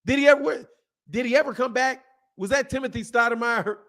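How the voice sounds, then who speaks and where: A man hosting a boxing channel, talking in a casual, opinionated way, animated and laughing often as he answers his chat. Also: very high-pitched, fairly quick.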